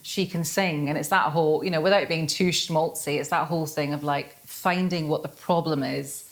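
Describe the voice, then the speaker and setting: A woman's voice: sits low, fairly even intonation, normal speed. A middle-aged Scottish woman, an author speaking at a live book festival in a chatty, self-deprecating way, laughing often. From Scotland. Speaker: author guest. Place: festival venue before an audience.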